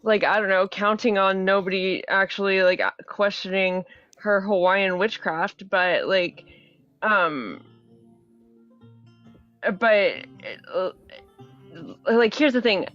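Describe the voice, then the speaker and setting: A woman on a live show who talks in an animated way, filling her speech with "like". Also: mid-range voice, takes it slowly, pauses often. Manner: animated, heavy use of "like" fillers. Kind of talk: heated live stream chat. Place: home in Hawaii. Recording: dull lo-fi stream audio, faint music.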